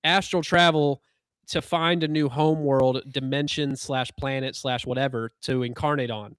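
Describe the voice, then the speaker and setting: A man's voice: mid-range voice, fairly even intonation, moderate pace, a bit bright, smooth, dry recording. A man co-hosting a podcast, retelling a story in casual, sarcastic style with lots of fillers. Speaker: podcast co-host.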